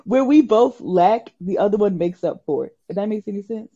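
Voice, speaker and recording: A woman in her twenties co-hosting a podcast, telling stories in an animated, giggly way. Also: mid-range voice, moderate pace, lo-fi sound. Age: 20s. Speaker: podcast co-host. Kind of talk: casual chat.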